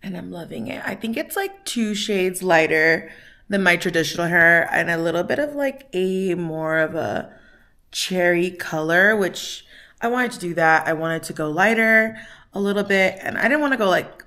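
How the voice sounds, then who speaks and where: Chatty woman with a bright, forceful voice. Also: fairly low pitch. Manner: chatty, rambling, lots of "like" and "um". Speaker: vlogger. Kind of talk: casual vlog chat to camera. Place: at home in her kitchen.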